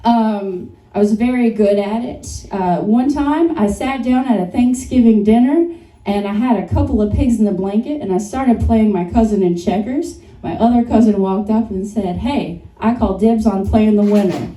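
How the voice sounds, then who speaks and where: A woman's voice: medium pitch, normal speed, dark tone. A young woman doing a stand-up comedy set, self-deprecating and often laughing at her own jokes. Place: comedy bar stage. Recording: echoey club sound from a distance.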